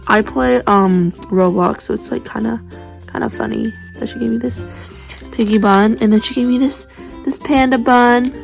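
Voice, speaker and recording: A young woman chatting casually as she unboxes squishy toys, gushing and gasping with excitement. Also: on the high side, normal speed, gravelly, soft background music. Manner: excitable, gushing, breathless gasps.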